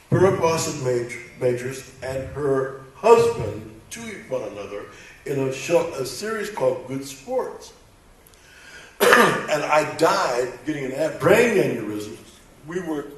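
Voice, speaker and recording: A man's voice: fairly high pitch, distant mic, slight background noise. An older man, a voice actor on a convention panel, telling rambling anecdotes and acting out quoted dialogue for a live audience. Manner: animated, acts out quoted dialogue, rambling restarts. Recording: echoey convention hall, picked up from afar.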